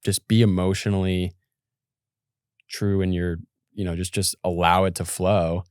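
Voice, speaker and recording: A man's voice: low voice, level tone, unhurried, clean tone, no room sound, studio quality. A man in his thirties hosting an interview, laid-back and casual, swearing now and then. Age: 30s. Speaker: podcast host.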